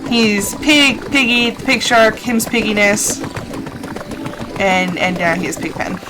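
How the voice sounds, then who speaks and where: Over music on a low-quality recording, a woman speaks slowly in a mid-range voice. She's a streamer casually chatting and rambling during a game, with animated asides.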